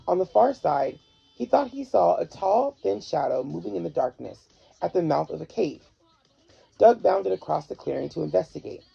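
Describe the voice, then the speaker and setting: A storybook host giving an expressive, animated read-aloud of a children's story. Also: medium pitch, gravelly, slightly rough. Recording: dull lo-fi with faint music.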